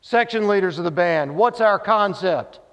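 A man's voice: sits high, lively intonation, normal speed, fairly bright tone, pitched above the performer's own voice. A man voicing a stern, demanding college band director who fires firm questions at his students. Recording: dull sound with long hall reverb.

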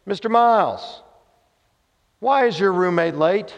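A preacher putting on a stern band director. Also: male voice, high-pitched, lively intonation, takes it slowly, creaky, voice pushed up, heavily acted. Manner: firm, drilling questions at students. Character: stern demanding male college band director. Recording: dull sound with long hall reverb.

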